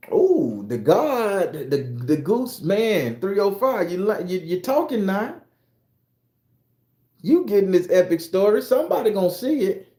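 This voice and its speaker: Animated, swearing male storyteller. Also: fairly high pitch, reverberant. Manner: animated, emphatic, swearing freely. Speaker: online storyteller and tarot reader. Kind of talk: profane casual storytelling monologue.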